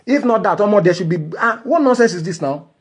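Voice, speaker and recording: A man's voice: high-pitched, animated, quick pace, breathy edge. Indignant Nigerian man ranting on a podcast. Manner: indignant, mixing Nigerian Pidgin into English. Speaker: podcast host. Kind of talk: angry solo podcast rant.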